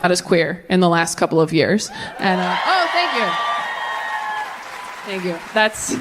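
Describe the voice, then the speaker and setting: A woman's voice: lowish voice, big pitch swings, unhurried, a crowd in the background, noisy background. A woman in her thirties doing a brutally honest, self-deprecating stand-up set into a handheld mic on a comedy stage. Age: 30s.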